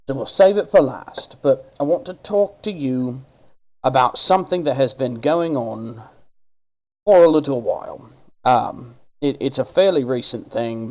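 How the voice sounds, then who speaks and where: A man doing online commentary in a sarcastic, mocking rant. He leans into a put-on accent, rough and gravelly. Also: mid-range voice, a little mellow, poor audio. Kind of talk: ranting commentary.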